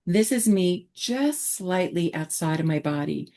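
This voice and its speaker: A woman therapist explaining her approach in a relaxed online teaching chat, talking reflectively with many fillers and restarts. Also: lowish voice, unhurried. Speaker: therapist presenter.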